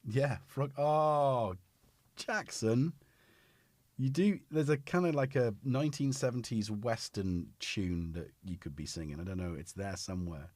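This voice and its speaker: Hosting a laid-back livestream, a middle-aged man speaks at medium pitch, a little slowly and a little mellow, in a dry recording from a studio dynamic microphone. His talk is rambling and chatty, broken up by remarks to his cat.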